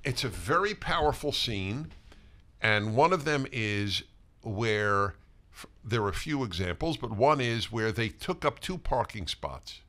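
An older man co-hosts a casual talk show, his voice lively and swinging widely in pitch. He tells stories with a bright, forceful edge, often restarting and repeating his words as he goes. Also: measured pace. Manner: animated storyteller, frequent restarts and repetitions. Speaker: co-host.

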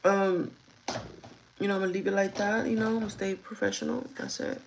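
A woman's voice: mid-range voice, little pitch movement, a little fast, creaky, noisy background. A woman chatting casually on a live stream, ranting with plenty of swearing.

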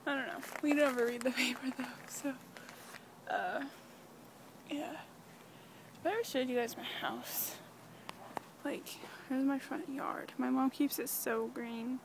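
A teenage girl chatting casually in a rambling, giggly daily vlog, talking softly while walking outdoors in a quiet neighborhood. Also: sits high, slow pace, long pauses, background noise. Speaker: vlogger.

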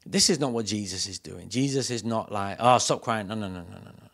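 Passionate preaching man, low voice. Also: fairly quick, vocal fry. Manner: passionate preaching, swings from loud emphatic calls to quiet intimate asides. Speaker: pastor. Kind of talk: sermon. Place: church.

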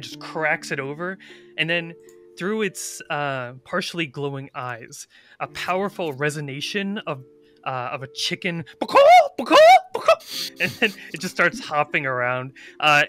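Guy player describing his character, bright voice, faint guitar music under it. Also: fairly high pitch. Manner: descriptive, halting.

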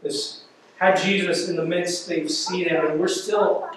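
Animated high-voiced pastor in an echoey church. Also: male voice, unhurried, noisy background. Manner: animated, acts out quotes, conversational asides. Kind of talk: sermon. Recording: echoey church hall from far off.

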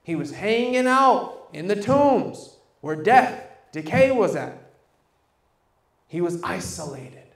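A preacher with a high, bright male voice, calling questions out to his congregation. The sound rings around an echoey church room. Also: very animated, slow pace, hardly any pauses. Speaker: pastor. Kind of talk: sermon.

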